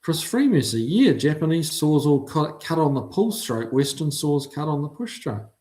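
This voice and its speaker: A man's voice: fairly high pitch, sing-song, moderate pace, dark tone. A middle-aged man from New Zealand with a New Zealand accent, casually chatting as he reads out viewer comments on his livestream, laid-back with frequent ums. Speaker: livestream host reading chat. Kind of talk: casual chat.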